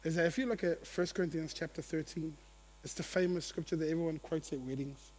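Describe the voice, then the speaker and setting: A man with a fairly high voice preaches to his church with lively energy. He swings between loud, excited bursts and low, quiet stretches, and acts out the people in his story in little voices. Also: a little fast, slight background noise. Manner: animated, acts out quotes, laughs at own jokes. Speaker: pastor. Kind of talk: sermon.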